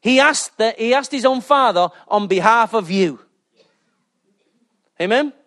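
A male pastor preaching a lively sermon, calling out to the congregation for responses. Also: extremely high pitch, measured pace. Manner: exuberant, calls for responses with "Amen".

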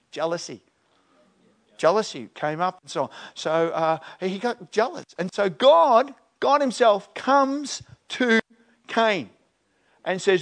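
A man's voice: sits high, expressive, moderate pace. A man, a pastor preaching a conversational sermon and acting out questions and voices with animation.

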